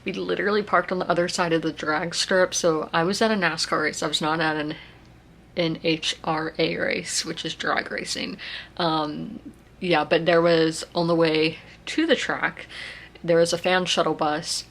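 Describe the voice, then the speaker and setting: A woman's voice: sits low, level tone, normal speed, creaky, a bit bright. A woman, chatting casually in a rambling vlog. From South Carolina. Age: 20s. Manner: rambling, chatty, many fillers and restarts. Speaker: vlogger.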